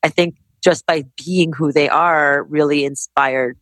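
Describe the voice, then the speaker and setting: A woman in her forties, a business-owner guest in a casual interview, talking in an emphatic, animated, rapid way. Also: low voice, no echo. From Canada. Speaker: guest entrepreneur.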